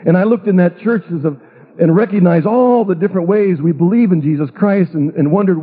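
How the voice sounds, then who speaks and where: A man's voice: sits high, brisk, husky. A middle-aged man, a pastor, telling a humorous, self-mocking story from his life. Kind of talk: storytelling testimony talk. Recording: tinny phone-like radio broadcast.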